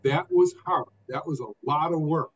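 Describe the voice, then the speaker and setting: An older man, a guest telling his story in an expressive, emphatic way, phrase by phrase. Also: a little high, moderate pace, breathy edge. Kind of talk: conversational storytelling. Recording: dull lo-fi sound.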